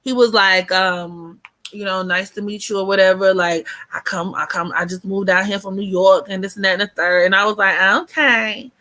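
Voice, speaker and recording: A woman in her twenties chatting casually to her viewers and telling stories in an animated way, heavy on fillers. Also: mid-range voice, fairly quick. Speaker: vlogger. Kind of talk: casual storytime chat.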